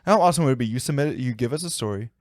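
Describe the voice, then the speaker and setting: A man's voice: mid-range voice, expressive, darkish tone, no echo, studio quality. A man co-hosting a folklore podcast, chatting casually and jokingly and reading narration. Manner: joking, chatty, quick to laugh. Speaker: podcast co-host. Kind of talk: casual chat and scripted narration. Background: faint guitar music.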